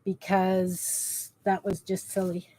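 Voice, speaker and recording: Against a noisy background, a woman speaks slowly in a mid-range voice with a completely flat delivery. She's a middle-aged crafter livestreaming from her home basement, chatting casually with viewers and muttering to herself as she works.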